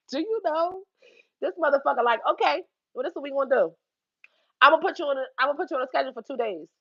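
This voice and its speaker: A young woman telling a work story in a casual, profane, animated way, laughing often and acting out what people said. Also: high-pitched, fast talker, no echo, dull audio. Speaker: livestream host telling a story.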